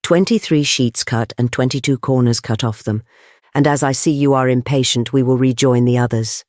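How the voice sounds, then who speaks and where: A reader voicing a mild, unassuming small male priest detective in an audiobook, quiet and calm in manner. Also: medium pitch, moderate pace, dry recording, clean studio sound, lightly acted. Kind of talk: audiobook dialogue.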